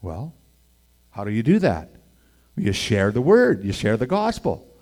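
A man's voice: fairly low pitch, a little slow. A man telling his life story as a personal faith testimony in a casual, folksy way, acting out the people in it. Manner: animated, acts out the other people's voices in his story; casual and folksy, with 'man' and 'boy, I tell you'. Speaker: speaker giving a personal testimony.

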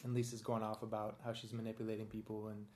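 A man's voice: on the low side, completely flat delivery, fast, darkish tone, a little hiss or hum. A man in casual podcast chat, talking in a hesitant, rambling way with many fillers.

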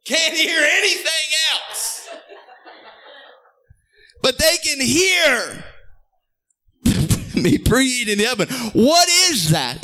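High, bright-voiced preacher, shouting then dropping low. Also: male voice. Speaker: pastor. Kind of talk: sermon.

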